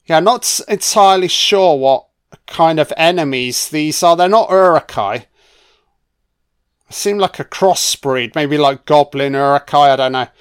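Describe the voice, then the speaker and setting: Excitable swearing man, smooth voice. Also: fairly high pitch, unhurried. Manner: excitable, swears a lot, talks to the screen. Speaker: film commentator. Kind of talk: casual film commentary. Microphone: home microphone, audio only.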